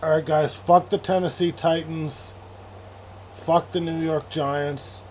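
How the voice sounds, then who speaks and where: A man's voice: on the high side, steady tone, slow, a little mellow, a little hiss or hum. A young man hosting a late-night sports livestream, rambling and sarcastic, with frequent swearing as he reads chat aloud. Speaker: livestream host.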